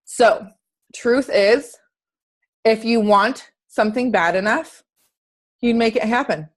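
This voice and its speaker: A woman's voice: on the high side, measured pace. Earnest, chatty woman coaching on a call. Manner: earnest, chatty, talks straight to listeners with questions. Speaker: fitness coach. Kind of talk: motivational talk on a group call.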